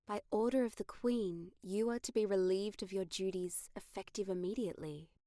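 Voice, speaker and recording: A woman's voice: medium pitch, fairly even intonation, normal speed, warm tone, no room sound, clean studio sound, natural voice. Woman reading a weary queen mother. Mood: stern. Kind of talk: audiobook dialogue reading.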